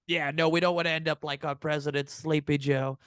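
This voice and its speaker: A man's voice: fairly high pitch, flat delivery, fairly quick, fairly bright tone, clear, resonant tone, dry recording, clean studio sound, lightly acted. A man playing a boastful older male president as a podcast host, rambling and repeating himself with bragging asides in a comedic improvised interview.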